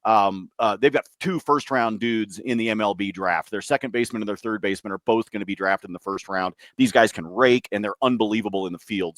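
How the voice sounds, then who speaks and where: A man co-hosting a sports betting podcast, talking through his picks in a relaxed, chatty way with casual swearing. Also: on the low side, no echo, studio quality. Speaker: podcast co-host.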